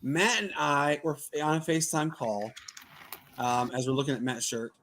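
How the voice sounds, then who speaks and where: A man co-hosting a casual sports podcast, loose and excitable, full of fillers and restarts. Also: on the high side, moderate pace. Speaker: podcast co-host.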